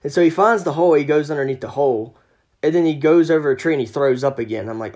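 A man's voice: a little high, fast talker, darkish tone. A man telling a ghost story as a podcast guest, casual and profane, acting out the quoted lines.

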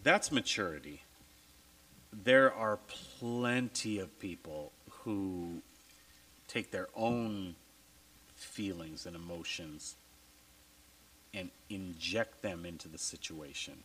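A man with a low voice hosting a casual podcast, blunt and swearing freely. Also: slow pace, pauses often, bright, forceful tone, a little hiss or hum, poor audio. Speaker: podcast host.

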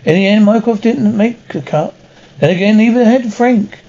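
A gleeful ghoulish corpse host gloats in a high, gravelly rasp full of theatrical relish. His voice sits on the upper side, dark in tone and crackling with fry. It comes through dull, lo-fi TV audio. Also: moderate pace. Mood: gloating. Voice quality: gravelly, rasping. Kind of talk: TV horror anthology acting.

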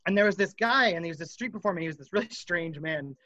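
A man's voice: high voice, lively intonation, fast, bright, forceful tone, no room sound, lo-fi sound. A man from the United States, a musician guest, rambling through stories in a casual interview and laughing often.

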